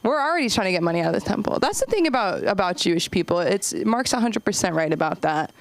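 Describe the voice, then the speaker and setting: A woman's voice: medium pitch, animated, fast talker, no room sound. Rambling woman doing open-mic stand-up. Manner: chatty, rambling, self-deprecating. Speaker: stand-up comedian. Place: comedy club stage.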